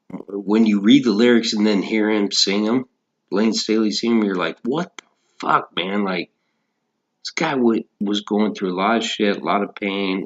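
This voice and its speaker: A man's voice: fairly low pitch, highs cut off. A man in a casual, profane, rambling rant about music, talking as a podcast host.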